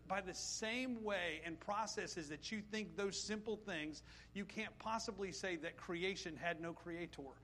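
A man's voice: high voice, fairly bright tone, slight background noise. A middle-aged man preaching a sermon, emphatic and full of rhetorical questions to his congregation.

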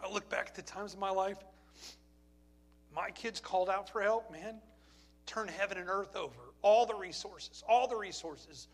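A middle-aged male pastor delivering an impassioned sermon, climbing to near-shouts and then dropping low and quiet. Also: normal speed.

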